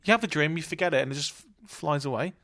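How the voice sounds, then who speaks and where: A man's voice: on the high side, fast talker, a bit bright, no room sound, clean studio sound. A man co-hosting a comedy podcast, playfully defending his side with mock seriousness. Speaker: podcast co-host. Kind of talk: casual comedic chat.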